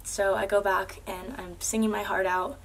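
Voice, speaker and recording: A woman's voice: medium pitch, little pitch movement, moderate pace, vocal fry. A young woman earnestly telling a personal story to camera, casual and full of "like" and "um". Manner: earnest, with many fillers like "like" and "um".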